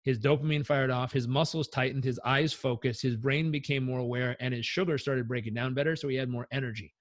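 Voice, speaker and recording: A man, a life coach, telling stories in a casual interview, energetic and blunt, swearing freely. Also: medium pitch, brisk, no room sound.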